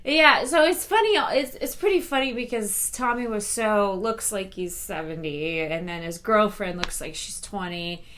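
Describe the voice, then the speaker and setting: A woman's voice: medium pitch, expressive, normal speed, few pauses, a bit bright. A woman co-hosting a casual film review chat, describing scenes in an amused, chatty way.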